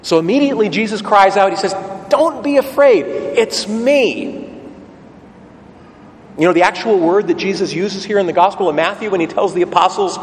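A man's voice: high-pitched, steady tone, fast talker, hardly any pauses. A man preaching a sermon, telling the story vividly and putting rhetorical questions to the congregation. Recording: long church reverb, faint ambient noise.

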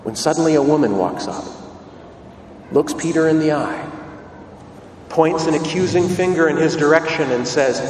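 A man's voice: fairly high pitch, normal speed, long pauses, a little hiss or hum. A man preaching a sermon, telling the story dramatically and asking rhetorical questions. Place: church. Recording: echoey hall, distant mic, faint ambience.

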